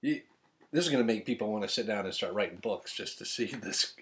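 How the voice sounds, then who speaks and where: A man unboxing gifts from fans at home, talking casually and rambling, getting excited and cracking self-deprecating jokes. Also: on the low side, a little fast. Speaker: author unboxing fan gifts. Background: thunder and a dog's collar.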